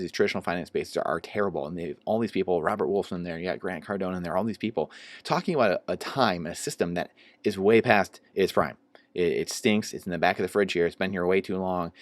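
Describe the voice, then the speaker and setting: A man's voice: sits low, dry recording. A man vlogging an indignant rant about money, heated and emphatic. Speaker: investing vlogger. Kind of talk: solo rant to camera.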